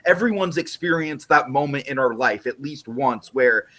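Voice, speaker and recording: A man's voice: mid-range voice, animated, normal speed, bright, forceful tone. A man hosting a casual recap discussion, opinionated and emphatic, now and then breaking off with apologetic asides.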